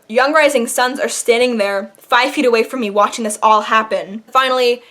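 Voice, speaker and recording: A young woman vlogger telling a dramatic personal story in an animated, casual way. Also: a little high, fairly quick. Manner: animated, dramatic retelling with laughs. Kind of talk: storytime vlog.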